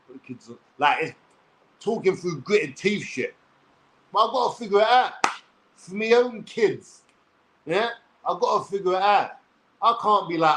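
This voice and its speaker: Brief: man, blunt, profane vlog rant, voice sits a bit high. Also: lively intonation, moderate pace, pauses often, fairly bright tone, rough recording. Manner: crude, profane, blunt, addresses viewers directly. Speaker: vlogger. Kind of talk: direct-to-camera rant.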